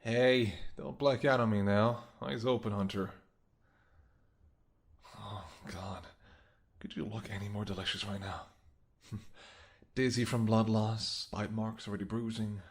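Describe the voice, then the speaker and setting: A smug, flirtatious vampire purrs in a low, soft murmur, teasing his captive in a whispered role-play, as a man acts him out. His lines slip between hushed seductive talk and breathy whispers. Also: flat delivery, a little slow, long pauses. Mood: playful. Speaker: voice actor.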